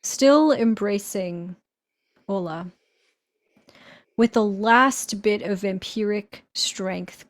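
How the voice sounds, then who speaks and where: Slow, deliberate woman player. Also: mid-range voice. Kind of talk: describing her character's actions in a tabletop game.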